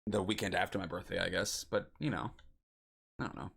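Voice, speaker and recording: A man's voice: deep voice, fairly even intonation, brisk, vocal fry, fairly bright tone, husky. A young man streaming a geography guessing game, chatting casually and musing aloud as he guesses locations.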